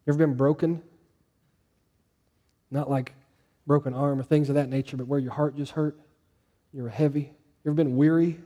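A pastor preaching a sermon, with animated delivery that rises for quoted lines and drops low and soft on key points. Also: male voice, normal speed, pauses often, dull audio.

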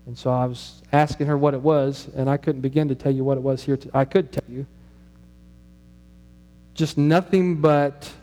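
Mellow-voiced man preaching a sermon. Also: a little high. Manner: conversational, asks the congregation questions. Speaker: pastor.

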